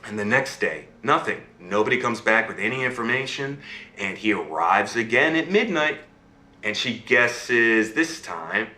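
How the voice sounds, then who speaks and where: A man tells a fairy tale live, his voice bright and forward as it swoops high and low for drama. He checks in with his listeners as he goes. The room has a noticeable echo with faint music underneath. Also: unhurried. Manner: lively, dramatic swings in pitch, asks listeners "right?". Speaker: storyteller.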